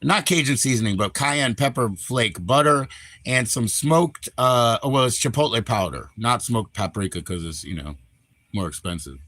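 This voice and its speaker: A man's voice: medium pitch, a bit bright, no echo. Laid-back man streaming. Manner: laid-back, rambling, drawn-out slang. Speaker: live streamer. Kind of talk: casual live-stream chat.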